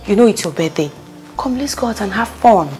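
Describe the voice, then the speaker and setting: Actress playing a bossy, emphatic best friend. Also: female voice, medium pitch, lively intonation, a little fast, a little mellow, soft background music, lightly acted. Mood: reassuring. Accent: Nigerian, with Pidgin English. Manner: insistent, emphatic, repeats herself. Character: bossy, loyal best friend, brash and upbeat. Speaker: consoling friend. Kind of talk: film drama acting.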